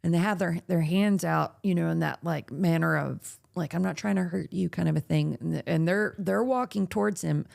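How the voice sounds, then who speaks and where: A woman with a lowish, fry-tinged voice hosts a late-night podcast chat, speaking at normal speed with hardly any pauses. She tells a story casually and animatedly, acting out the voices of the people she quotes.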